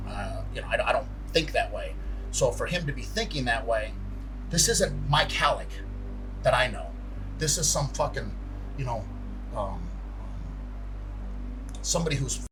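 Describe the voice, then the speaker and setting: A man's voice: medium pitch, moderate pace, long pauses. A man telling a story in a documentary interview in a casual, profane way, acting out the dialogue. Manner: profane, animated retelling with quoted dialogue. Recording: distant mic with music underneath.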